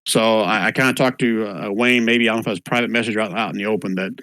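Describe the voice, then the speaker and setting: Low-voiced guy running an online tabletop game, laid-back with lots of ums, dry close mic. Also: steady tone, rapid-fire, a bit bright, no echo, rough recording. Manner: easygoing, filler-heavy, spells out names. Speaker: game master. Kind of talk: narrating an online tabletop one-shot. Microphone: voice chat microphone.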